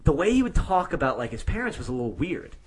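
Young New man, podcast co-host, lively pitch, rambling storyteller. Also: quick pace, husky. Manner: animated, rambling storyteller with many "like" fillers. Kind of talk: casual storytelling chat.

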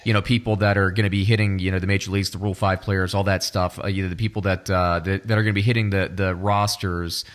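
A man hosting a casual podcast, talking in a relaxed, rambling way with many fillers. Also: sits low, fast, few pauses. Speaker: podcast host.

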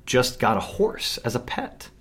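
A man from Minnesota, co-hosting a casual chat and telling an animated, ranting story. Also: medium pitch, unhurried, breathy edge. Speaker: podcast co-host.

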